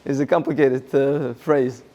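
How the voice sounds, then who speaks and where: A man giving a motivational seminar talk, energetic and rallying the audience with questions. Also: medium pitch, measured pace, muffled recording, a little hiss or hum. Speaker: seminar speaker.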